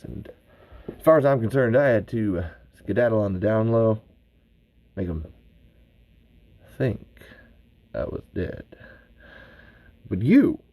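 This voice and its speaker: A man with a warm, lowish voice plays a boastful, paranoid middle-aged survivalist in an improvised livestream. His drawl is blustery and folksy, drifting toward Southern.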